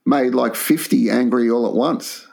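A man's voice: medium pitch, unhurried, gravelly, a little mellow. A man co-hosting a comedy podcast, telling crude stories and acting out the other people in them. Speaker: podcast co-host.

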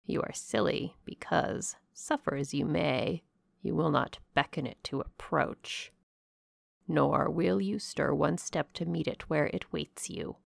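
A woman reader puts on a shrewd old crone telling fortunes in a harsh, gravelly voice. She speaks low, slowly and with decided weight, every word probing. The sound is dry and close. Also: no echo, heavily acted. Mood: deliberate. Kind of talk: audiobook character voice.

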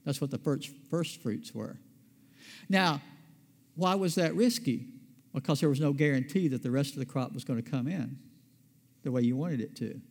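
A man's voice: medium pitch, moderate pace, gravelly, pauses often, darkish tone. A man pastor preaching a sermon in a conversational way, asking his listeners questions and answering them himself. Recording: long reverb of a large hall.

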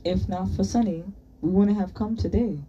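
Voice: mid-range voice, steady tone, moderate pace, dark tone, husky, recorded from a distance, lo-fi sound, voice pushed up, lightly acted. A reader voicing a bold, curious teenage girl who asks teasing questions in a book reading.

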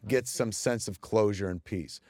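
A man talking through his own film in casual commentary, excitable and swearing often, restarting his sentences as he goes. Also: fairly low pitch, normal speed. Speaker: filmmaker giving audio commentary.

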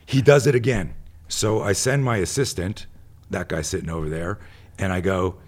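Deep-voiced man telling rambling stories. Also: normal speed. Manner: rambling, goes off on tangents; acts out the people in his stories. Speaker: tactical instructor. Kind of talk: casual storytelling.

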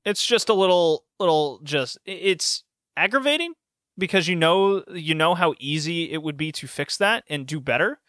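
A man hosting a casual podcast, animated and laughing often, with rambling asides. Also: on the high side, moderate pace, no echo, clean studio sound. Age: adult with a university degree. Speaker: podcast host reviewing wrestling shows. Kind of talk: casual chat.

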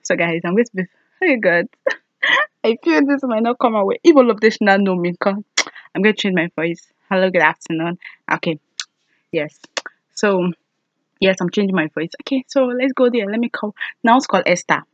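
A woman's voice: medium pitch, normal speed, no room sound, lo-fi sound. Giggly young woman vlogging. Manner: excitable, giggly, loud exclamations. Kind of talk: casual chat to camera.

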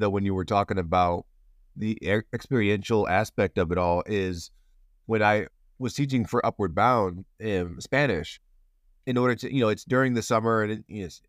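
With a lowish voice and clean studio sound free of room tone, a man hosts a casual interview conversation. He's playful and rambling, frequently starting over.

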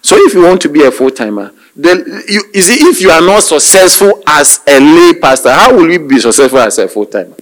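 A man's voice: a little high, big pitch swings, low-quality recording. Man preaching to his congregation. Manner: call-and-response preaching with frequent hallelujahs; hesitant restarts and drawn-out emphasis. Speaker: pastor. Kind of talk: sermon.

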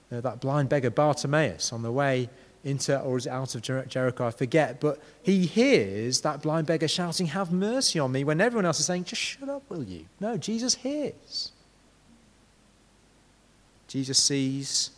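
A man preaching a sermon, speaking conversationally and turning to his listeners with frequent rhetorical questions. His voice carries a long hall reverb, as if recorded in a large church. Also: medium pitch.

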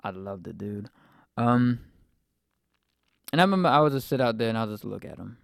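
A man's voice: fairly low pitch, expressive, moderate pace, creaky, no room sound, studio quality. A man of twenty-four hosting a podcast, reflecting at length on a personal faith story in a rambling way, with fillers. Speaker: podcast host.

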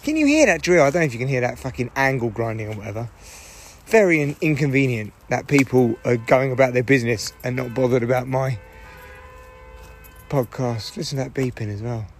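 A hoarse middle-aged podcast host, worn out from shouting, rambles irritably and swears freely on his solo show, recorded in a parked car. His voice is mid-range, and there's a little hiss or hum on the audio.

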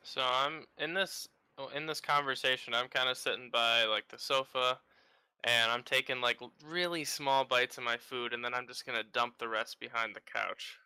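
Very bright, smooth-voiced man player. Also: mid-range voice, steady tone, moderate pace, dry recording, poor audio. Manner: laid-back, describing his actions. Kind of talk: casual tabletop play.

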